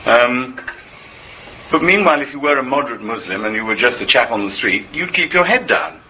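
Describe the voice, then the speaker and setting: A man talking in an interview, animated and often stammering over repeated words. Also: mid-range voice, brisk, muffled recording, a little hiss or hum. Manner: animated, with frequent stammered repetitions. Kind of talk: impassioned conversational interview.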